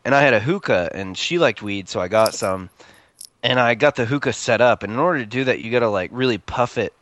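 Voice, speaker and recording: A man's voice: mid-range voice, brisk, fairly bright tone, dull audio. A man co-hosting a podcast, telling rambling stories in casual chat and laughing often. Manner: rambling storytelling with frequent laughs. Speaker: podcast co-host.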